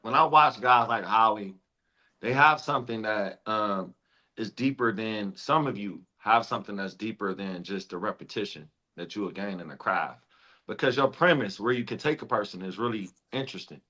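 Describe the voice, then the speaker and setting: A man who works as a comedian, talking in an earnest, fast, street-smart way in a casual chat. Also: on the low side, expressive, sharp tone. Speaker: comedian guest.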